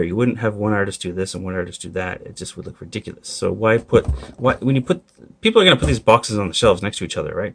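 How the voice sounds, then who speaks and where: A man reviewing collectible toys in a casual vlog, candid and complaining with frequent apologetic asides. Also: fairly low pitch.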